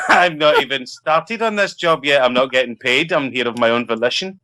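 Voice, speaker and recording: Actor, bright forceful voice, chatty anecdote teller. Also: male voice, medium pitch, moderate pace, low-quality recording. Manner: lively, laughs while telling a story. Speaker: actor guest. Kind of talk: anecdotal storytelling.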